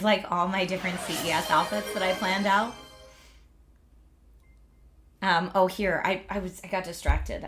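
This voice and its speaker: Her voice lowish, bright and forceful, a Pennsylvania woman in her thirties hosts a livestream. She chats casually, laughing often and using "like" as filler.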